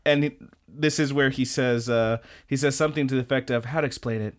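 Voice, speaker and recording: A man's voice: medium pitch, steady tone, fast talker. A man co-hosting an anime podcast, telling rambling stories in casual chat, swearing often and acting out what people said. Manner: rambling storyteller, swears a lot, acts out quotes. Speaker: podcast co-host.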